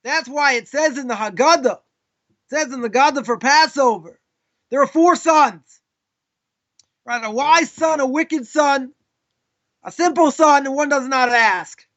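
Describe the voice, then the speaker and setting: A man with a Boston accent teaches a live Torah class as a rabbi, his voice very high and bright. He tells stories and acts out people's questions in quoted voices. The audio is dull and lo-fi, like a live stream. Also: unhurried, long pauses.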